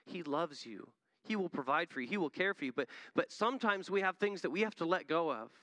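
Earnest preacher, man, fairly high voice, builds to emphatic peaks mid-sermon. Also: expressive, brisk, bright, forceful tone, no room sound. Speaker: missionary preacher.

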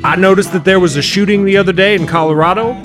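A man's voice: sits high, fast, music in the background, voice pushed up, natural voice. A man putting on a brash, gun-loving redneck cowboy outlaw for a podcast comedy bit, talking in a blunt, cranky, boastful drawl. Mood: gruff.

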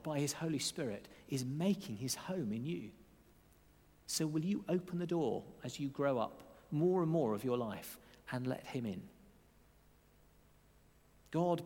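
Expressive male preacher in a reverberant church. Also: fairly high pitch, husky. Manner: expressive, warmly earnest preaching with slowed emphatic phrases. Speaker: pastor. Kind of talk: sermon. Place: church during a service. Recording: long reverb of a large church hall.

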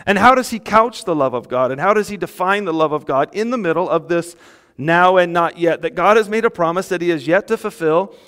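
A man preaching a sermon to a congregation, conversational and animated, with jokes and laughs. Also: a little high, clear, resonant tone, long reverb tail. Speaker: pastor.

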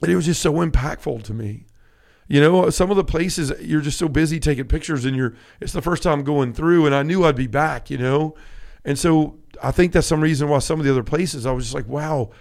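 A podcast host speaks earnestly and emotionally in casual conversation about a pilgrimage, reading scripture aloud and rambling with restarts. His fairly high voice is gravelly, a little mellow, and fairly quick.

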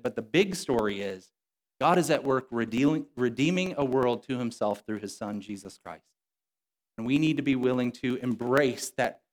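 A man preaching a sermon with a mid-range voice, easygoing and conversational. He slips into casual quoted lines as he retells a story, then returns to his point. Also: mid-range voice. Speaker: pastor.

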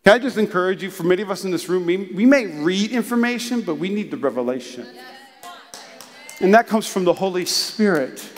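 Male pastor with a high voice, chatty and animated sermon delivery, long hall echo. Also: fairly quick. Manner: animated, conversational preaching with acted asides. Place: church hall.

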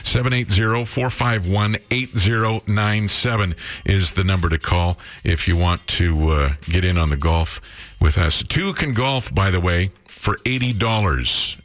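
A man's voice: deep voice, normal speed, soft background music. A man hosting a radio show, chatting easily with his co-host and reading out contest details. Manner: relaxed, chatty, reads promos. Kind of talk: morning radio banter.

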